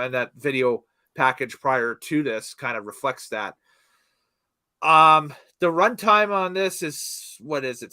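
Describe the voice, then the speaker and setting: Bright upbeat podcast host. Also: male voice, on the high side, no echo. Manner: upbeat, asks questions and laughs often. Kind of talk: casual chat.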